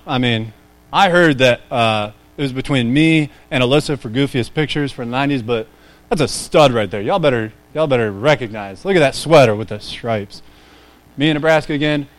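A man around thirty giving a casual, chatty sermon to a youth group, easily sidetracked and self-deprecating, often asking the room questions. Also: medium pitch. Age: 30s.

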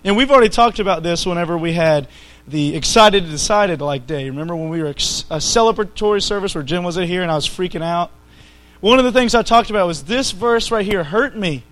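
A man's voice: sits high, a little fast, fairly bright tone, rough recording. A man preaching a conversational sermon to his church, rising to emphatic peaks.

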